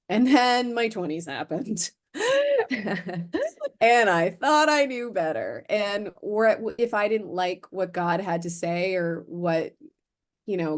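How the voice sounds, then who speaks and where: A woman of about forty from Florida, a podcast guest telling stories in a casual interview. She acts out the dialogue she quotes and uses "like" a lot. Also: lowish voice. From Florida, USA. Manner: animated, acts out quoted dialogue, frequent "like" fillers.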